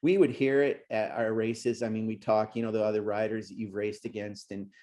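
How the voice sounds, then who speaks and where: This man hosts a racing podcast and also works as a race announcer, speaking a little fast in a level, dark-toned voice. In this casual podcast interview he rambles emotionally, his pitch climbing as he gets worked up.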